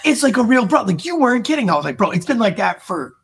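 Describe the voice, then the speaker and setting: A man's voice: fast talker, vocal fry, slightly rough. A man, an army veteran and podcast co-host, telling stories in casual chat and acting out the quotes with big jumps in voice. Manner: animated, acts out quotes with big jumps in pitch.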